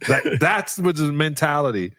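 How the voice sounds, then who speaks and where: A middle-aged man, a former pro basketball player, telling animated stories on a sports panel and acting out the people in them. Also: fairly high pitch, normal speed, dry recording. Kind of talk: anecdotal storytelling on a sports panel.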